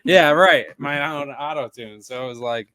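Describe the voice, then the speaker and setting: A man, a rapper and stage actor, talking casually as a podcast guest, animated and full of "like" fillers. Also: a little high, moderate pace.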